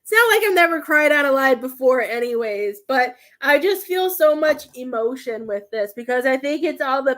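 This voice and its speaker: A woman giving a spiritual reading in a casual, halting way, repeating herself and fighting back tears. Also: high voice. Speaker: psychic medium giving a reading.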